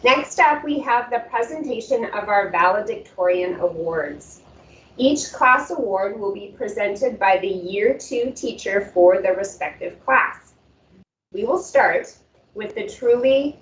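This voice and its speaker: A woman host announcing the next presenters at an unhurried pace. She sounds far from the mic in a roomy space, and the recording is dull. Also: mid-range voice. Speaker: ceremony host. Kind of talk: formal ceremony hosting.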